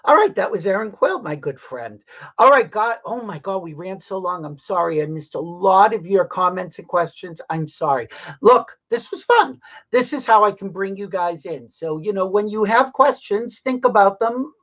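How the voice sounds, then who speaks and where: A man's voice: sits high, expressive, moderate pace, a bit bright. A man hosting a live-stream talk show, chatting casually and speaking straight to his viewers in a reassuring way. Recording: dull lo-fi stream audio.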